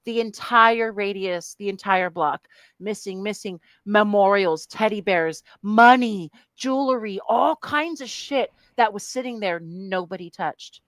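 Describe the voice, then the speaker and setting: A woman's voice: medium pitch, measured pace, fairly bright tone, no echo. Frank woman podcast co-host, dry sound. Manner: frank, swears, laughs often, reflective when recounting. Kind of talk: casual chat.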